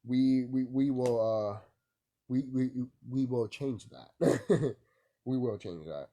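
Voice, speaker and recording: Sleepy, rambling young man, dark husky voice. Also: medium pitch. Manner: loose, rambling, lots of fillers and profanity. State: sleepy, woken early. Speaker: vlogger. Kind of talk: rambling casual monologue. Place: home, early morning.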